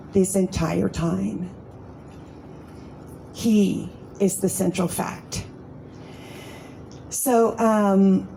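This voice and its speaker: An older woman shares her recovery story in a candid, joking way, sometimes laughing as she talks. Her voice is mellow and warm. There is faint noise in the background of the recording. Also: fairly low pitch, rough recording. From Arizona. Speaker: recovery speaker. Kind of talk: personal recovery talk at a convention. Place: convention meeting room.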